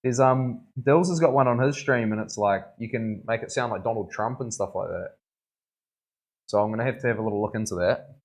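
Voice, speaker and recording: In a lowish, fairly quick voice, a young man streams live while tattooing, chatting casually. Laughter comes often, as do thanks to his viewers.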